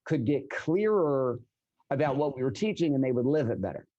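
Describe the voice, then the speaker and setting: Blunt, fast-talking male podcast guest. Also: mid-range voice, muffled recording. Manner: energetic, blunt, swears freely, many restarts. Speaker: podcast guest, business coach. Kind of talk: casual interview conversation.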